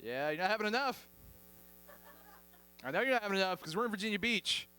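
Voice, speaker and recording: A man's voice: high-pitched, expressive, a little fast, pushed and bright, clear, resonant tone. A man performing a stand-up comedy set on a club stage, joking with the crowd. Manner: joking, playful crowd work. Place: comedy club stage before a live audience.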